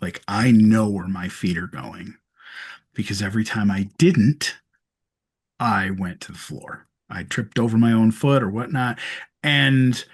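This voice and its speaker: Husky-voiced man telling stories. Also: fairly low pitch, unhurried. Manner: storytelling with laughs and many restarts. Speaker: podcast guest. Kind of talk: casual chat.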